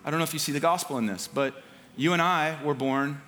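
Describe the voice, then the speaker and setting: A man preaching a sermon in a relaxed, conversational way, with slang and filler words. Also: fairly high pitch, fairly quick, a little hiss or hum. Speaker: pastor. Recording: long hall reverb.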